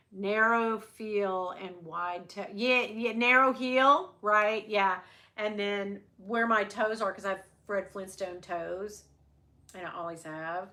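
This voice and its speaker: Chatty woman hosting a livestream, rambles and laughs a lot, bright voice. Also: mid-range voice, steady tone, slow pace. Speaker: livestream host. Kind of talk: casual chat with live viewers.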